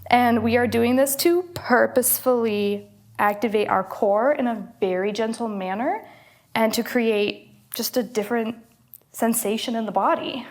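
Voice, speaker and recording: A young woman, a health coach, guiding listeners through a calming movement exercise, encouraging, laughing often and exhaling between cues. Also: a little high, unhurried. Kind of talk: guided movement instruction.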